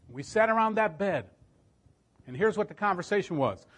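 A middle-aged man preaching a storytelling sermon, emphatic and swelling louder at key points. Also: high voice, lively intonation, moderate pace.

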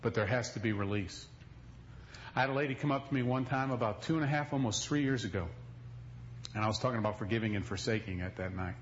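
A man's voice: mid-range voice, fast talker, muffled recording, slight background noise. A male pastor preaching a sermon in a folksy, emphatic storytelling manner, recorded in a church.

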